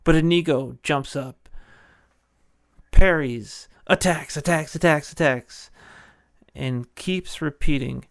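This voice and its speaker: A male podcast host recaps a film, rambling and joking with open enthusiasm. His gravelly yet smooth, clear voice sits a little high and moves slowly, recorded close and dry.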